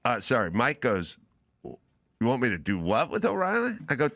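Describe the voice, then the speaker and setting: Animated man telling a story. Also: mid-range voice, normal speed, creaky. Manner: animated, acts out both sides of a phone call. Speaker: podcast host; comedian. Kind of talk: casual storytelling.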